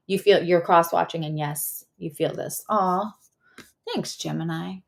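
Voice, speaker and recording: A woman's voice: fairly low pitch, steady tone, measured pace, creaky. A woman giving a casual astrology and tarot reading, chatty and rambling, often correcting herself mid-sentence.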